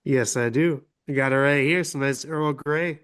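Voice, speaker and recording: A man's voice: mid-range voice, fairly even intonation, moderate pace, a bit bright, clear, resonant tone. A young man co-hosting a casual podcast, laid-back and laughing often. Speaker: podcast co-host. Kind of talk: casual profane podcast chat.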